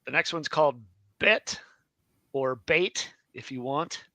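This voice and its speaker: A Hebrew class co-teacher runs a live alphabet lesson, speaking slowly and unhurriedly in a slightly high, bright, forward voice with lively intonation. He's chatty, laughs easily, and corrects himself a lot. The sound is dry and close, with no room sound.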